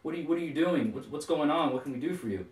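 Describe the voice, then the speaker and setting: Guy putting on a higher fussy giantess mom voice, gushes on and on, roomy echo from far off. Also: steady tone, fairly quick, lightly acted. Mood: gushing. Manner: gushing, fussing. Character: Tyr's mother, eager giantess housewife. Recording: roomy echo, distant mic.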